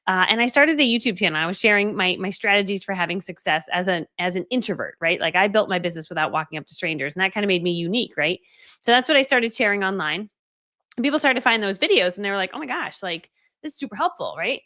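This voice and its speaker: A middle-aged woman coach telling a story in a casual, animated way, full of "like" and "right?". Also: mid-range voice, fast. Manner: animated, dramatic retelling with many "like"s and "right?". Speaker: online course creator and coach.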